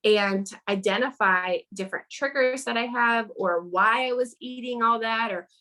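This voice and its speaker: A woman's voice: fairly high pitch, moderate pace, sharp tone, poor audio. A woman speaking as a guest in a casual interview over a video call, earnest and chatty with lots of fillers.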